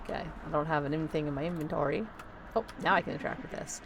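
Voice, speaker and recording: A woman's voice: sits low, steady tone, quick pace, creaky, noisy background. A woman streaming a horror game live, joking and reading the dialogue aloud in a playful way. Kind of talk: casual live gameplay commentary.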